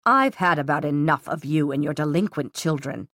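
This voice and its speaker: A woman reading an audiobook, voicing a furious, unhinged middle-aged woman official who shouts sharply. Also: low-pitched, expressive, normal speed, dry recording, studio quality.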